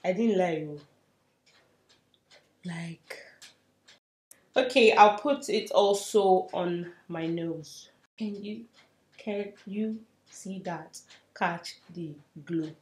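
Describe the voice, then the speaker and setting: A young woman doing a casual makeup tutorial, chatty and self-mocking, dropping to soft murmurs as she works. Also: fairly low pitch, extremely slow, pauses often. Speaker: beauty vlogger. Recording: roomy echo, faint hiss.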